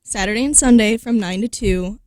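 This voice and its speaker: A woman's voice: mid-range voice, brisk, a little mellow, no room sound, studio quality. A woman in her twenties co-hosting a morning radio show, bantering in a playful, teasing way. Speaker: radio co-host. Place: radio studio. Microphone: studio microphone.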